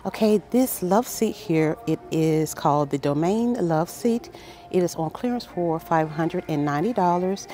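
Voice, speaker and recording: Speaking a little slowly in a mellow, lowish voice, a woman films a casual walkthrough of a large furniture store on her phone. She enthusiastically reads out the sale prices, addresses her viewers as "guys" and raves about the bargains the whole way.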